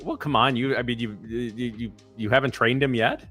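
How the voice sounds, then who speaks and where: A man's voice: mid-range voice, fairly even intonation, moderate pace, sharp tone, faint music behind. Teasing, laid-back man. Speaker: co-host of a live trading show. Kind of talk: casual chat.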